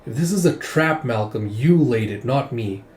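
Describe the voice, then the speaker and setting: A man's voice: medium pitch, lively intonation, normal speed, darkish tone, close to an everyday voice. A man voicing an aging male scientist who speaks in a formal, wry and theatrical way. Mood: measured. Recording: roomy echo.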